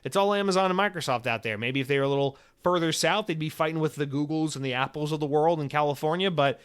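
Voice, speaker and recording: A man's voice: a little high, quick pace, clean tone. Young guy ranting on his solo gaming podcast, swears a ton, sarcastic, rambles all over. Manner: acts out quoted voices mid-rant. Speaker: podcast host.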